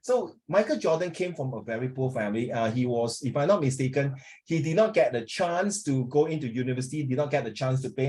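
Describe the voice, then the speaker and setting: Mid-range and a little mellow, this Singaporean-accented teacher's voice carries a class lesson where he cracks jokes, fires questions at his students, and slips into Mandarin.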